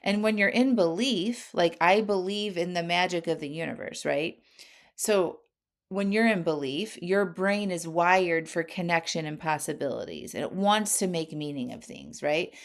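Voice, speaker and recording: Woman, forties, podcast host; earnest, animated storyteller with a slightly low voice. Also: moderate pace. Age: 40s. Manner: animated and earnest, with frequent laughs and "right?" asides. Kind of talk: personal storytelling monologue.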